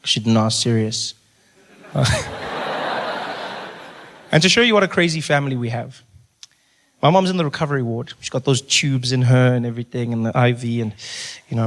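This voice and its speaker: A young man with a South African accent performing a stand-up comedy routine, telling stories and acting out bits with animated voices. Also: mid-range voice. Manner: animated storytelling with acted-out voices. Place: live comedy venue with audience.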